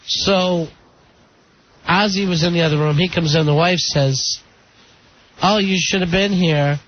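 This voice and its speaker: A man's voice: sits high, measured pace. A man hosting a radio talk show, chatting casually and telling stories. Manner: chatty, storytelling. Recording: dull lo-fi radio broadcast with faint noise.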